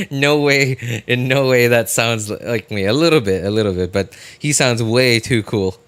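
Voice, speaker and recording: A man's voice: medium pitch, measured pace, a bit bright, clean tone. Chatty streamer man rambling. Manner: rambling, chatty, many fillers and restarts. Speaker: streamer reacting to a livestream. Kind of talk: casual live reaction chat.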